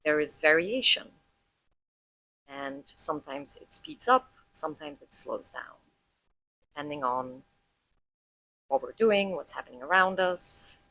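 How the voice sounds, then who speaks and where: Calm woman guiding a breathing practice. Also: low-pitched, measured pace, creaky, pauses often, dry recording, rough recording. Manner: calm, explanatory, guiding listeners step by step. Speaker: breathwork instructor.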